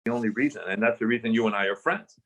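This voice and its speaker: A man's voice: mid-range voice, very fast, fairly bright tone. An older man guest from Southern California telling a story in a podcast interview, acting out the voices he quotes and restarting his phrases often.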